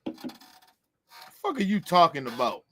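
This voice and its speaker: Man, AAVE, high animated voice, brash and profane opinion rant on boxing. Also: a little slow. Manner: brash, profane, mocking, emphatic. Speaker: boxing commentator.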